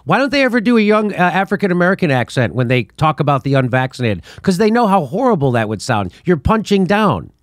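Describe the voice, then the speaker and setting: A middle-aged man hosting a political commentary show, talking in an animated, scornful way and laughing between his points. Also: fairly high pitch, fast talker, hardly any pauses, no echo, studio quality. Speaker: show host.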